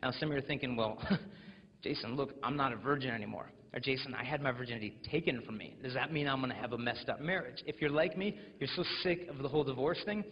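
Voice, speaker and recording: A man's voice: medium pitch, fast talker. A young American man in his twenties gives a humorous motivational talk at a school assembly, joking and acting out other people's voices. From United States. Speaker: abstinence speaker at a school assembly. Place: large school hall. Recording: echoey hall, dull lo-fi sound.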